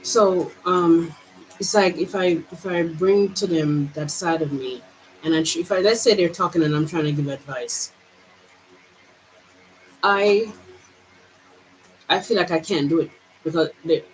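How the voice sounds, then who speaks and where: A woman vlogger with a Jamaican accent, pouring out her feelings in a halting personal monologue full of restarts. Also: sits low, slight background noise, rough recording.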